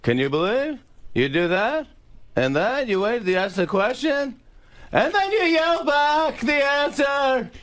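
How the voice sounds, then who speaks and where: A man doing an impression of a famous male comedian, ranting in high, exaggerated, indignant questions. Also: big pitch swings, measured pace, a bit bright, full character voice. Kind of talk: celebrity impression.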